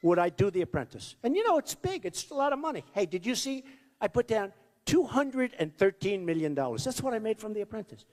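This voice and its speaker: Speaking a little fast in a high, sing-song, darkish voice, a presidential candidate addresses a rally in a school hall. He rambles and brags, says things more than once, and imitates the people he quotes. The room gives a long reverb.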